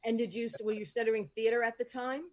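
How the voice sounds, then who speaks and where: A woman's voice: fairly high pitch, level tone, a little fast, a little mellow. A woman hosting an interview podcast, chatty and rambling, with lots of filler words. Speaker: host. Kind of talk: casual interview chat.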